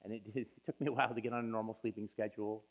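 A man's voice: lowish voice, steady tone, rapid-fire. Emotional male pastor, tinny sound. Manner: emotional, confessional storytelling. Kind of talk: sermon testimony.

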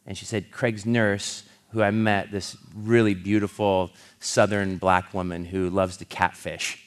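A middle-aged man preaches a sermon in a somewhat low voice. He tells stories earnestly and haltingly, restarting phrases, then rises in force as he presses a point home. He speaks as a pastor addressing his congregation. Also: level tone. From California. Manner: earnest, halting restarts, swells louder when building a point. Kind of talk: sermon storytelling.

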